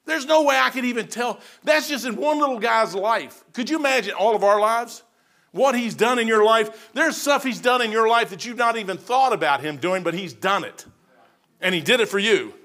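A middle-aged man preaching a sermon. He moves between loud, shouted passages and soft, low stretches. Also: expressive, normal speed.

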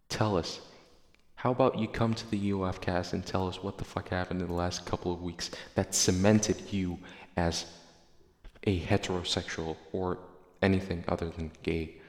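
A male podcast host with a low, gravelly voice chats casually, reading listener replies aloud in a profane, sarcastic, rambling manner. The room is echoey, with long reverb.

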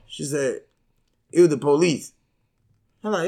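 A middle-aged man co-hosting a casual talk show, slangy and animated, swinging between excitement and subdued talk. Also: on the high side, fairly quick, vocal fry. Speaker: podcast co-host. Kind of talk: casual chat.

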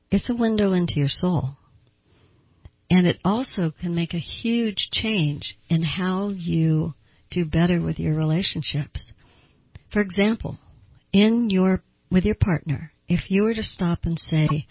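Older woman, therapist host of an advice show, breathy low voice, earnest and questioning, dry muffled studio sound. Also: no room sound. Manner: earnest, asks listeners direct questions.

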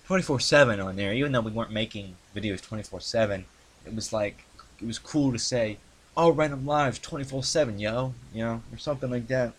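A young man with a fairly low voice talks through the history of his video series in a loose, rambling way. He hesitates often, piling up ums and false starts as he goes. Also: a bit bright. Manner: halting, many ums and restarts. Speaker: YouTuber recounting his channel's history. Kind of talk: casual rambling monologue. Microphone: handheld mic he adjusts.

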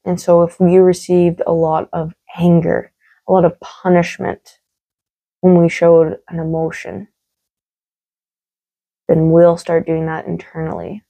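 Candid, gravelly-voiced woman podcaster. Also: lowish voice, monotone, a little slow, long pauses, warm tone, poor audio. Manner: candid and emphatic, swears freely, repeats words for stress. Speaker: podcast host. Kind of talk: solo podcast monologue.

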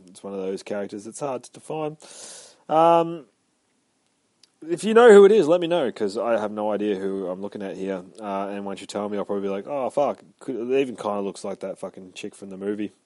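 A man's voice: fairly low pitch, a little fast, a little mellow, no echo. A man giving a casual, rambling comic book review, swearing freely and retelling scenes with energy.

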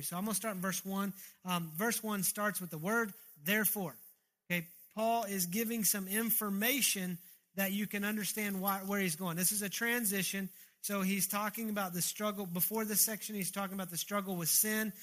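A man's voice: sits high, a bit bright. A man preaching a sermon as pastor, earnest, often repeating and restarting his words, into a handheld microphone.

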